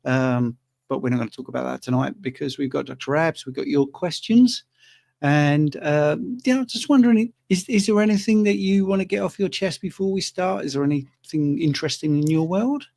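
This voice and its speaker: Jokey male host from the UK, slightly higher voice with gravelly grain, dry close sound. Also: fairly quick, darkish tone, dry recording. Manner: jokey, teasing, chatty. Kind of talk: live Q&A chat.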